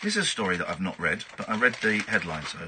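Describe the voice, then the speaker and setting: A man's voice: on the low side, wildly swooping pitch, fast talker, heavy background noise. A man hosting late-night radio, bantering with a caller in a playful mock-boastful way with stammering restarts, then reading a news story. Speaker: radio host. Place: radio studio.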